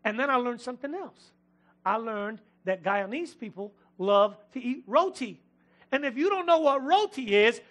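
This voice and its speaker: A middle-aged man preaching a lively sermon in a church, joking with the congregation between points. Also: very high-pitched. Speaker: pastor.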